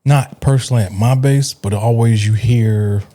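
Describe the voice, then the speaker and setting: A man's voice: lowish voice, normal speed, mellow. A man in his forties, a veteran guest, speaking casually and emphatically, repeating words to stress them. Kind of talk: casual chat.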